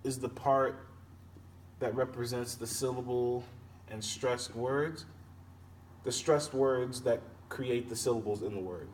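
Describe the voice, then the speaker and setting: A man teaching poetry meter, explaining slowly with pauses and self-corrections. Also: medium pitch. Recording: distant mic with faint background noise.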